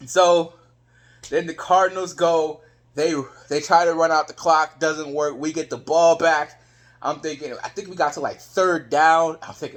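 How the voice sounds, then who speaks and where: Guy with a high voice hyping thru a game recap, gets all worked up retelling plays. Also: unhurried. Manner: excitable, retells plays with his own reactions. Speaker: sports fan reviewing a game.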